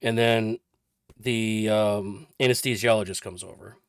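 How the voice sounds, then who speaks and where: A man's voice: lowish voice, fairly even intonation, unhurried, smooth, no echo, studio quality. Man in his forties telling a story. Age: 40s. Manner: chatty, rambling recounting with detail. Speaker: vlogger. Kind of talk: casual personal storytelling.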